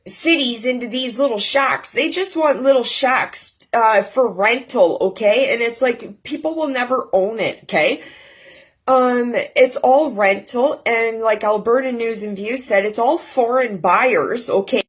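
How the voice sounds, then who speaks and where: A middle-aged woman from Canada ranting casually about politics to her viewers, rambling and tagging her points with "okay, guys?". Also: a little high. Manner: rambling, frequent "okay, guys?" tags, addresses politicians directly. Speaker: political commentary vlogger. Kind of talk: casual political rant to camera.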